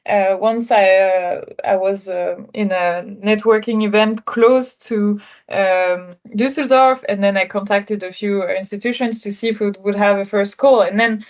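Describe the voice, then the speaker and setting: A woman's voice: mid-range voice, steady tone, a little slow, hardly any pauses, muffled recording. A woman from France, a guest on a podcast, talking through her work experience in a thoughtful way with frequent hesitations. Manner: thoughtful, many hesitations and fillers. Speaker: podcast guest, sales executive. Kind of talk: conversational interview.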